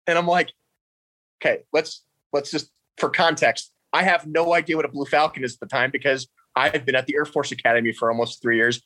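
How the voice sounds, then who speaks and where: A young man, telling a story with laughs and shouted quotes of his drill instructors. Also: medium pitch, steady tone, a little fast, dry recording, rough recording. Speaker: interview guest. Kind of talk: casual storytelling.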